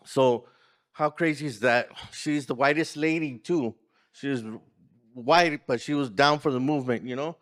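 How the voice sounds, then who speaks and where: A man's voice: medium pitch, normal speed, fairly bright tone. A man telling an earnest personal story at a community gathering, acting out the lines of people in it. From California. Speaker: community organizer speaker. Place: conference room.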